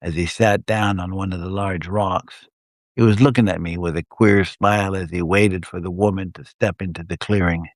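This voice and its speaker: A man reading his own first-person adventure story aloud on a live stream, telling it in a steady way. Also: sits low, moderate pace, no room sound, clean studio sound.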